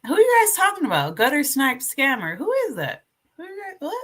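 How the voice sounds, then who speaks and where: A woman hosting a casual livestream, chatty and animated, reading aloud from her notes while sharing her screen. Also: high voice, fairly quick. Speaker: livestream host.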